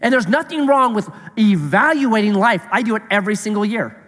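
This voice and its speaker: A man preaching a sermon as pastor, animated and full of rhetorical questions to the congregation. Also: sits high, a little fast, big-room sound.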